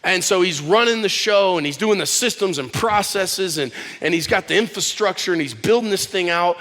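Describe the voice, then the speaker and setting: A man preaching a sermon as pastor, telling stories in an animated, conversational way with casual slang. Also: high-pitched, moderate pace. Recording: long hall reverb.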